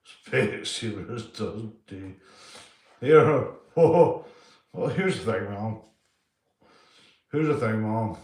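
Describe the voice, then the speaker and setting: A man's voice: on the low side, expressive, drawn-out words, pauses often, a little mellow, reverberant. A man chatting loosely on a live stream, reading out viewers' names and swearing a lot. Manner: sweary, loose, keeps saying mate. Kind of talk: casual live-stream chat.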